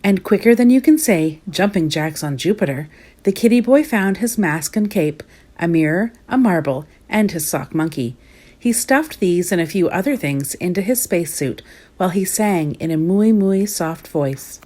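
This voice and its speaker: A woman reading a children's picture book aloud, giving the characters lively voices. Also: moderate pace. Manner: lively, voices the characters with big pitch jumps. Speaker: storybook reader.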